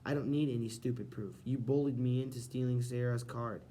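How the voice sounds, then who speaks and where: A man's voice: mid-range voice, steady tone, a little fast, mellow, natural voice. A man reading an audiobook, voicing a whiny, panicky boy who sputters when caught cheating. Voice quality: sputtering, whining.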